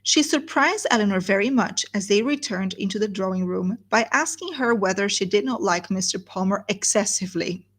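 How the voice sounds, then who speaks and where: This medium-pitched woman teaches a literature class by reading a novel out loud with comments along the way. When a word matters, she slows down to stress it.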